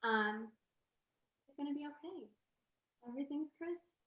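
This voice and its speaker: A woman, a podcast guest, speaking earnestly and reflectively with halting pauses. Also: high-pitched, expressive, a bit bright. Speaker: interview guest. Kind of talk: casual interview chat. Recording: echoey room.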